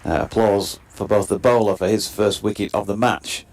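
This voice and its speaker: A man giving live ball-by-ball cricket commentary in a steady, wry way as the lead commentator. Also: lowish voice, normal speed. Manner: steady, wry, describes play and scene.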